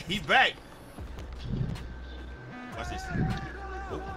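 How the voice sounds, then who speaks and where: A man commentating his own online basketball game, animated, quick to shout and laugh, talking into a headset mic. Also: sits high, crowd noise. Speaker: gaming YouTuber commentating his match. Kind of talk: casual gaming commentary. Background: background music.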